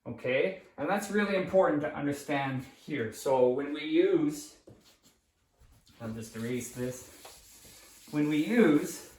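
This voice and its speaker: A man with a slightly raised voice walks through a grammar lesson at a whiteboard, steady and patient, pausing to ask "right?" and fixing his own words as he writes. His voice is caught from across an echoing room by a distant camera mic. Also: fairly high pitch. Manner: patient explaining, frequent checking "right?" and "okay?"; restarts and self-corrections while writing. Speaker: English teacher.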